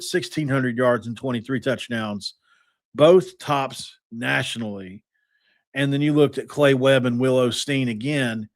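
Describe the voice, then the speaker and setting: An energetic man hosts a casual sports talk show, piling up stats and tangents. His voice sits at a middle pitch. The sound is dry and close to the mic. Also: no echo. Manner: energetic, stat-heavy, rambling. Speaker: podcast host.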